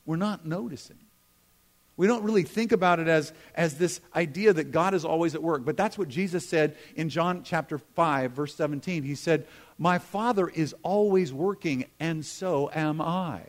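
A middle-aged man preaching a sermon in a conversational way, with humorous asides, moving between emphatic lines and hushed ones. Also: fairly high pitch. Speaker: pastor.

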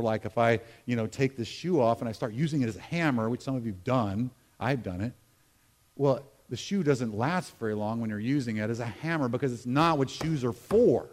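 A man's voice: medium pitch, moderate pace, a little mellow. A middle-aged American pastor preaching a humorous, conversational sermon to his congregation, with asides to the people in the pews. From United States. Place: church sanctuary.

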